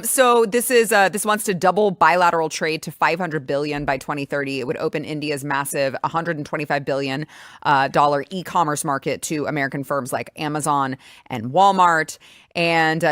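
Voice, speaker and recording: A woman with a notably low voice hosts a casual talk show, chatty and quick to joke, filling pauses with ums and uhs. The sound is dry and close, with no room in it. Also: fairly bright tone, dry recording. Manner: chatty, joking, filler-heavy. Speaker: show host.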